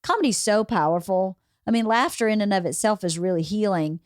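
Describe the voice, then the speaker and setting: A woman's voice: mid-range voice, brisk, a little mellow, dry recording, studio quality. A woman with a Southern American accent hosting a casual podcast interview, chatty and acting out quoted voices. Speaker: podcast host.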